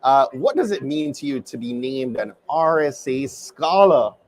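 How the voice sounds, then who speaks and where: A man's voice: mid-range voice, lively intonation, measured pace. A man with a Jamaican accent, hosting a live interview at a conference booth in an upbeat, welcoming way. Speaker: livestream host.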